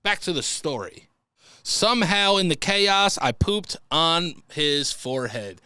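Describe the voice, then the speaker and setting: A man's voice: on the high side, expressive, takes it slowly, pushed and bright, clean tone, no echo, clean studio sound. A young man hosting a comedy podcast, reading listener stories and riffing crudely, often slipping into silly voices. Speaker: podcast host.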